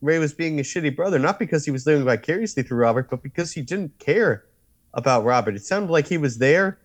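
Fairly high-voiced man, animated chat. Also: quick pace. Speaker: podcast co-host. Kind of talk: casual comedic chat.

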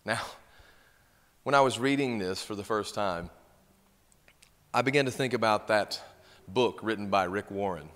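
A man's voice: on the low side, moderate pace, long pauses, a bit bright. A male pastor preaching a sermon, reading scripture and stressing key words with emphasis. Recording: long hall reverb.

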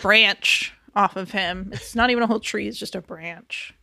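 A woman co-hosting a podcast, chatting casually about a TV episode, laughing often and dropping into quick mock voices of the characters. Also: medium pitch, vocal fry, sharp tone, no room sound, studio quality. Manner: swears casually. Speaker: podcast co-host. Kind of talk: casual chat recapping a TV episode.

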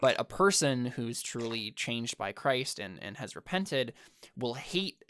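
A young man co-hosting a podcast in casual chat, thoughtful, speeding up in bursts and trailing off quietly. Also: medium pitch, very animated, unhurried. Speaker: podcast co-host.

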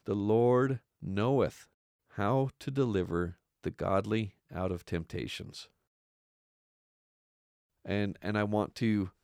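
A man's voice: on the low side, creaky, no room sound, clean studio sound. A man hosting a podcast, giving an earnest religious study talk and often repeating words as he stresses points. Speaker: podcast host teaching scripture.

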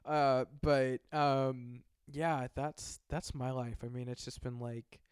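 Young male podcast host, loose and profane, smooth clear voice. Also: mid-range voice, steady tone, slow, dry recording, studio quality. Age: young adult. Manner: loose, profane, rambling, jokey. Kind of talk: casual chat.

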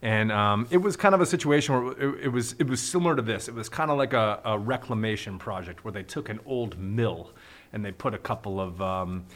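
Laid-back low-voiced guy, lots of fillers. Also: fairly quick, a bit bright. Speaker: restaurant owner and consultant. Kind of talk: casual podcast chat.

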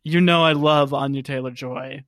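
A man's voice: medium pitch, steady tone, normal speed, a bit bright, dry recording, studio quality. A man co-hosting a casual movie review chat, talking in a wry, chatty way full of "like" fillers. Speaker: podcast co-host.

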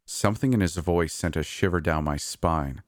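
A man reading a first-person horror story aloud in a calm, measured way. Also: sits low, dry recording. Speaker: narrator.

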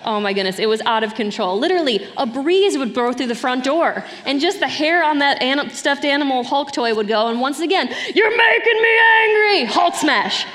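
A woman's voice: sits high, brisk, hardly any pauses, in a large hall. A middle-aged woman pastor preaching a sermon in an earnest, conversational way, with light laughs between points.

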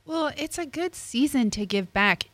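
A woman, hosting a radio talk show in a casual, chatty, excitable way. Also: sits high, moderate pace, dry recording. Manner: chatty, laughs easily, excitable.

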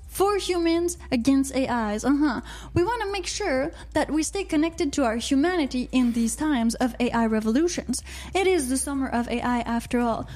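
Wysoki, rozgadany kobiecy głos radiowy. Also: female voice, sits high, a little mellow. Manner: chatty, reads out live chat comments. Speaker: radio show co-host. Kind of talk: casual radio chat.

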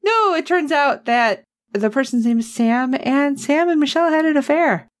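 Casting note: woman podcast co-host, lively sarcastic recap voice, dry close sound. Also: high voice, moderate pace, no room sound. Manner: animated, sarcastic, acts out characters' lines. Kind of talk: casual TV recap chat.

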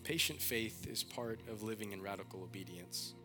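A young man, a pastor, preaching a sermon with animated storytelling and candid asides. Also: fairly low pitch, normal speed, music in the background.

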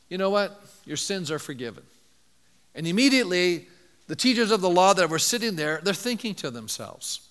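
A pastor delivers a sermon in an animated way, putting rhetorical questions to the congregation. His voice sits high and carries the sound of a large room.

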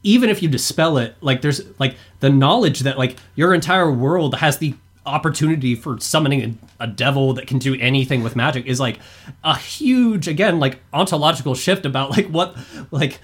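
A young adult man, a podcast guest, talking in a rambling, animated way full of filler words. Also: medium pitch, moderate pace, slightly rough. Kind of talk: casual discussion.

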